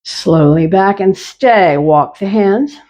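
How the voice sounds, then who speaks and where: Mellow-voiced woman guiding chair yoga. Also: medium pitch. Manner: slow, calm, repetitive cueing. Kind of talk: guided exercise class instruction.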